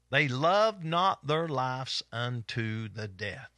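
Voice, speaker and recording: A middle-aged man with an Eastern Kentucky Appalachian accent, preaching a fervent Bible study and hollering with excitement as he teaches. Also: medium pitch, slow, few pauses, no room sound, clean studio sound. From East Kentucky.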